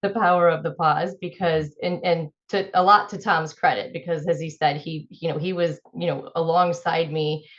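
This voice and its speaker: A woman co-hosting an interview podcast, chatting in a halting way and repeating words as she finds her point. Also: deep voice, fairly even intonation, muffled recording. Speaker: podcast co-host. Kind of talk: conversational interview chat.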